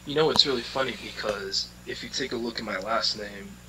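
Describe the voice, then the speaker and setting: A man co-hosting a podcast, chatting casually in a relaxed, measured way. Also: lowish voice, slight background noise, poor audio. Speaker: podcast co-host. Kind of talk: casual chat.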